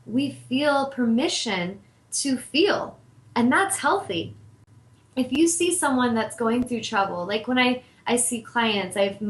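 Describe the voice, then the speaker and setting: A woman hosting a show as an intuitive healer, talking in an earnest, heartfelt and candid way about meditation and spirit. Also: fairly high pitch. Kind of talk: spiritual talk monologue. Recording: echoey room.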